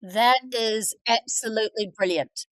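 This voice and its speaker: A woman hosting a podcast, coaching on front-desk phone calls in an animated, chatty way and acting out callers. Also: fairly high pitch, measured pace, no echo, studio quality. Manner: animated, acts out phone calls, laughs often. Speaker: dental front-desk trainer and podcast host. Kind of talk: casual podcast discussion.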